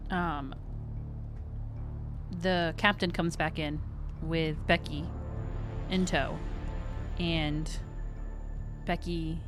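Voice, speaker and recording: A woman running a tabletop horror game as game master, narrating in a relaxed way. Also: low voice, drawn-out words, pauses often, music in the background.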